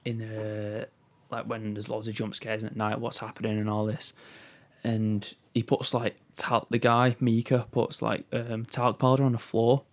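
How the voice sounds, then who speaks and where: A man's voice: on the low side, flat delivery, a little slow. Rambling young man. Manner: rambling storyteller, heavy on fillers, laughs easily. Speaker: podcast co-host. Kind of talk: casual chat. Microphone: remote call recording.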